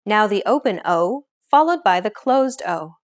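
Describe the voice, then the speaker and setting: A woman narrating a scripted pronunciation lesson as the teacher, clear and upbeat. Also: mid-range voice, expressive, a little slow.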